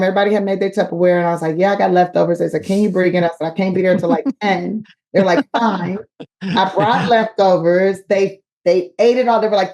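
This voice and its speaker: A woman tells a story as a comedian guest, animated and full of slang. Her voice sits mid-range. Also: medium pitch.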